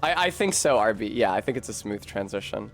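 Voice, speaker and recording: A man's voice: on the low side, lively intonation, fairly quick, faint music behind. An American man chatting casually while livestreaming a game, rambling with self-corrections and the odd swear. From United States. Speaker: game streamer.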